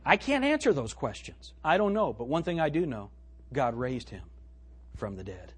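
A man preaching a sermon as pastor, reading scripture aloud and swinging between loud and hushed delivery. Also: mid-range voice, sing-song, moderate pace, husky. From United States. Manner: quotes scripture in old-fashioned wording.

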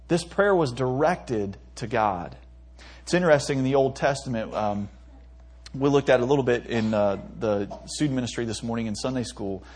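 A man's voice: mid-range voice, moderate pace, darkish tone, slightly rough. A young man, a pastor, preaching a conversational sermon with frequent restarts and light laughs. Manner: conversational preaching with stumbles and self-amused laughs.

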